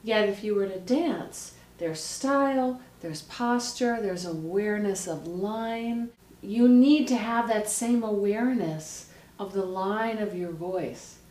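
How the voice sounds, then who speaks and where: A woman's voice: mid-range voice, slow. Woman vocal coach, roomy distant sound. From United States. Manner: lively, instructive, direct. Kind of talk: instructional explanation with voice demonstrations. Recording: roomy, distant mic, faint noise.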